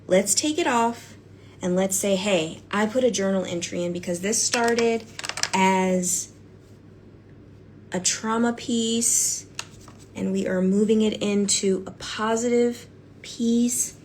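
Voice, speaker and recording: A woman chatting casually on a livestream while she paints, gushing, excitable and bursting into squeals, then dropping to whispers. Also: mid-range voice, slow pace, slight background noise.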